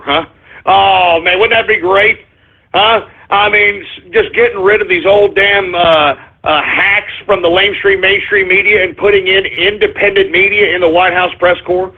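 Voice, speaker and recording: A man doing a talk radio host's angry, profane rant, in a high-pitched, husky voice. The sound is thin and phone-like, as if heard over a cheap line.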